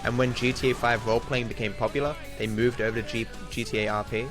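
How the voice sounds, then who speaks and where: A man's voice: medium pitch, little pitch movement, quick pace. Rambling Australian man streaming a game. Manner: rambling, frequent restarts, candid. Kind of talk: casual chat while gaming. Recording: game music playing behind.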